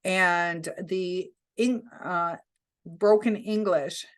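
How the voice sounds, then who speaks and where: A woman vlogger casually telling a story to camera, chatty and rambling, often pausing and correcting herself. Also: fairly low pitch, steady tone. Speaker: vlogger recounting a scam attempt.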